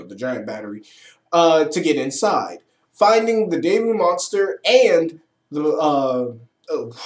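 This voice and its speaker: A man casually recapping and reviewing a show episode with enthusiasm, swearing and laughing often. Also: a little high. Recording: echoey room.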